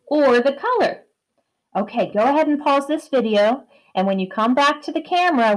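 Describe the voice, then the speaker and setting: A woman teaching kindergarten in a video lesson, speaking in a slow, exaggerated, sing-song way to young children. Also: medium pitch, rough recording.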